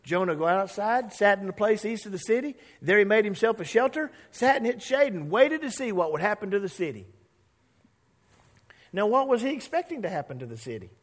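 Animated male pastor preaching a sermon. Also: high voice, a little fast, big-room sound. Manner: conversational, acts out voices of Bible characters; animated, playful with the congregation.

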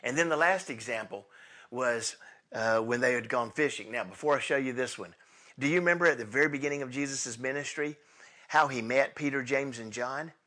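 A man preaching a sermon in a casual, conversational way, swinging between loud bursts and hushed asides as he tells the story. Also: mid-range voice, brisk. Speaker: pastor.

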